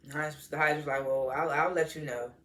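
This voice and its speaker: A woman's voice: low-pitched, fairly even intonation, quick pace, a bit bright. A woman chatting through a recap of a TV episode, retelling the scenes in quoted voices and laughing often. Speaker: TV show reviewer. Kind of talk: casual recap and review.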